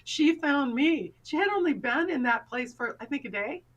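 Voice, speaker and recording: Lively high-voiced woman telling a story. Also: normal speed, dull audio, a little hiss or hum. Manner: animated, acts out quoted voices. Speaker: guest confidence coach. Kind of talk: storytelling in a casual interview.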